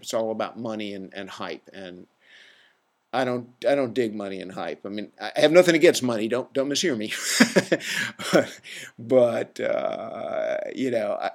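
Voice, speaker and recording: A man hosting a podcast alone, giving an opinionated, rambling rant in a casual, self-aware way. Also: on the low side. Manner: opinionated, ranting, self-deprecating. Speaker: podcast host. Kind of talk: casual solo monologue.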